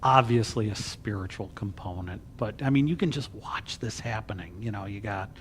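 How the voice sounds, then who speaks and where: A man's voice: fairly low pitch, normal speed, slight background noise. A man serving as a deacon, teaching a Bible class in a chatty, joking way with everyday asides. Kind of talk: casual Bible study teaching.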